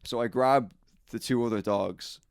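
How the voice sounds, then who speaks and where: Guy rambling through a sweary story on a podcast, mid pitch, dead dry mic. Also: a little slow, vocal fry, no echo. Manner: profane, rambling, animated. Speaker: podcast co-host. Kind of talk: casual storytelling.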